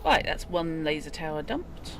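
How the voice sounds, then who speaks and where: A host playing a video game, thinking aloud in a relaxed, casual way while chatting with a co-player. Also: mid-range voice, moderate pace, vocal fry. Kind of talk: casual gaming chat. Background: game music.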